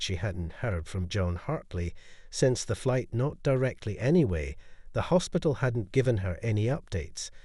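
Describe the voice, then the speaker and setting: A man tells a scripted dramatic story in a steady storytelling manner. His pitch moves lively and animated through the sentences. The recording is dry, with no room echo. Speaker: narrator.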